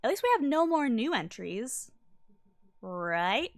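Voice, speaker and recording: A woman live-streaming a game, chatting casually, greeting viewers by name and thinking her answers through out loud. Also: fairly high pitch, big pitch swings, takes it slowly, no room sound, clean studio sound.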